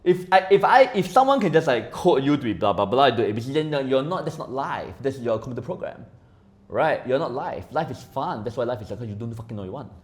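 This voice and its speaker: A man talking as a podcast guest in casual chat. He rambles, swears often and keeps asking "right?", swinging between loud and quiet. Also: medium pitch, animated, fast talker.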